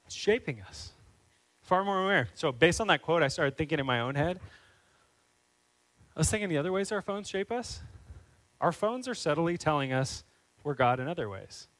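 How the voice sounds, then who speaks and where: A man delivers a sermon from the pulpit in a somewhat raised, higher-pitched voice. He talks earnestly and then climbs into fervent, pressing questions. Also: lively intonation, normal speed, pauses often, fairly bright tone, low-quality recording. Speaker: pastor.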